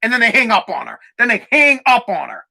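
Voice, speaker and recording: Sharp-voiced man ranting on a podcast. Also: very high-pitched, huge pitch swings, fast talker, gravelly. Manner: heated, profane, sometimes shouting. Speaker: podcast host.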